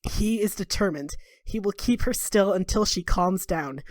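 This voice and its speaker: A woman's voice: mid-range voice, normal speed, darkish tone, no echo, clean studio sound. Casual woman game master narrating. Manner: casual, filler-heavy narration.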